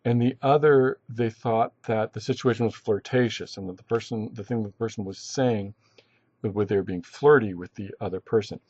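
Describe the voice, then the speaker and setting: A man teaching a recorded lesson, halting and restarting often, in a dry, slightly dull recording. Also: on the low side, a little mellow, no echo. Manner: halting, many restarts and fillers. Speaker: instructor. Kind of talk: recorded online lecture.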